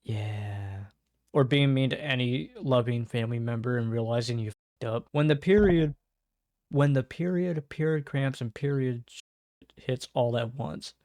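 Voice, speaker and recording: A man's voice: medium pitch, measured pace, darkish tone, no echo, clean studio sound. A man casually reacting to memes at his home microphone, swearing freely and chuckling often. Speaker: meme reaction host. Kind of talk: casual meme reaction commentary. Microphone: own desk microphone.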